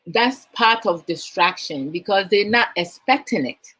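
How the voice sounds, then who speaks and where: Hosting a motivational talk, this Ghanaian-accented woman, likely in her thirties, questions her listeners and slips in Twi phrases. She has a mid-range, fairly bright voice with lively intonation and a slightly slow pace, captured in a low-quality recording.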